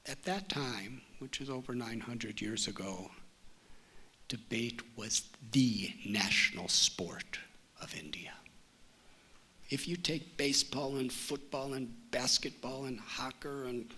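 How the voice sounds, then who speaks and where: A man giving a spiritual talk, telling a story in a slow, measured way. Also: mid-range voice, sharp tone, husky. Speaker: spiritual teacher.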